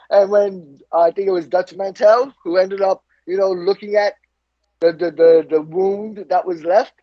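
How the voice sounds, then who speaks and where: A man co-hosting a podcast, telling a story in an animated way and laughing often. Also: high-pitched, a little slow, no room sound, muffled recording. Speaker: podcast co-host. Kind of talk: casual chat.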